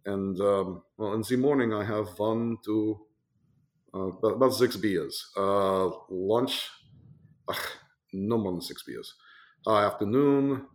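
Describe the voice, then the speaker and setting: A man putting on a gruff old German brewer. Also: on the low side, slow pace. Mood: deadpan boastful. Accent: mock German. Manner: gruff, matter-of-fact boasting. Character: old German brewer testifying in court, blunt.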